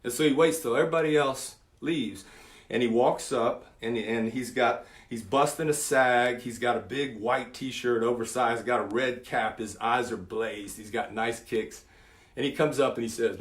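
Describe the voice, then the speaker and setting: A preacher in his fifties telling a vivid story in a sermon, dropping to a hush for effect. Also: mid-range voice, normal speed. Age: 50s. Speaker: preacher and youth speaker.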